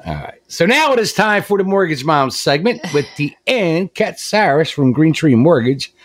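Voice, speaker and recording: A man's voice: on the high side, very animated, moderate pace, no room sound. A jovial male radio host whose voice bounces up and down as he chats. His voice sounds close and dry on a studio microphone. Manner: jovial, chatty. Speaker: radio talk show co-host. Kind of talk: radio talk and joke telling.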